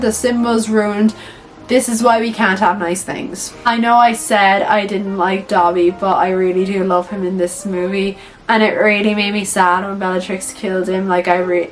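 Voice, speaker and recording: A woman's voice: mid-range voice, slight background noise, rough recording. Chatty young woman vlogging. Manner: chatty, filler-heavy, swears freely. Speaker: vlogger reviewing films. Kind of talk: casual tier-list commentary.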